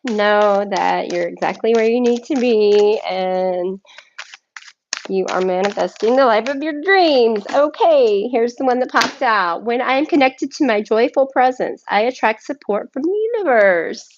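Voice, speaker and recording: A woman reading tarot cards and channeled messages on a solo live stream, excitable and effusive, often thanking spirit. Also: a little high, a little slow, highs cut off, slight background noise. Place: home, by herself.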